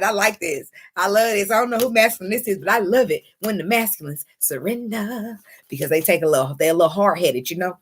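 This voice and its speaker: A woman giving a casual tarot reading, excitable and quick to laugh, swearing freely as she talks. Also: mid-range voice, a little hiss or hum. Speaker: tarot reader.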